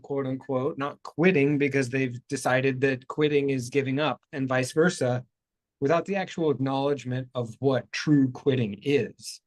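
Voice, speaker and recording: Rambling, animated male talk-show host. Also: mid-range voice. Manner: rambling, self-correcting, animated explainer. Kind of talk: casual talk show chat.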